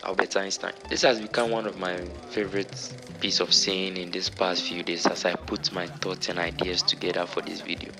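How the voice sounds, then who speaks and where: Deep-voiced man, motivational voice-over. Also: level tone, moderate pace, hardly any pauses. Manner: earnest, preaching tone. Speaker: vlogger. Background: music.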